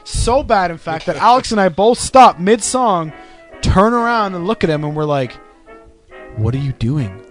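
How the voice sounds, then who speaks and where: A man's voice: high voice, moderate pace, soft background music. A man hosting a casual podcast chat, telling a story with acted-out quotes and frequent swearing. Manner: animated, acts out quotes with swearing. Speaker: podcast host.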